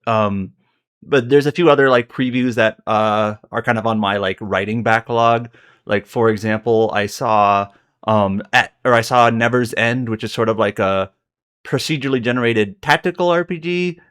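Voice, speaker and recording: A man's voice: mid-range voice, normal speed, fairly bright tone, clean tone. A man co-hosting a casual podcast, rambling through his account with many fillers and self-corrections. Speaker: podcast co-host.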